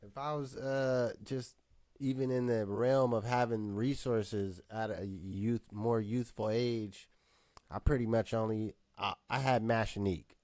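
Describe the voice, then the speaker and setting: Co-host type, low-pitched man, easygoing and rambling, dry close webcam sound. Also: fairly even intonation, a little slow, a little mellow, no echo. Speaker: podcast co-host and rapper. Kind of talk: casual chat on a live video call. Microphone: webcam video call.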